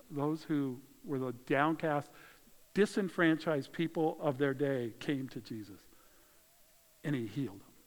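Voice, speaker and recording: A man preaching a conversational, animated sermon as pastor, swinging between loud emphasis and quiet asides. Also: a little high, big-room sound, low-quality recording. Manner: animated, conversational preaching with dramatic shifts in volume.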